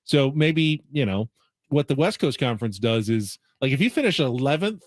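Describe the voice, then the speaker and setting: A man's voice: mid-range voice, expressive, moderate pace, dry recording, clean studio sound. A man hosting sports radio, explaining college basketball at length and thinking aloud with restarts.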